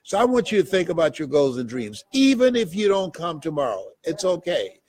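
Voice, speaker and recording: A man's voice: a little high, very animated, fairly quick, darkish tone. A motivational speaker addressing his audience in a preacherly, rhythmic way, driving his points home through emphatic repetition. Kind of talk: motivational speech.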